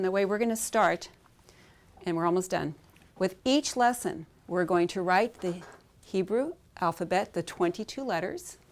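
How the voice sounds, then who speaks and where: A woman teaching a language class, patiently calling out sounds for learners to repeat. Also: fairly low pitch. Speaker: Hebrew teacher. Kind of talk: slow classroom drill, teaching vowel sounds.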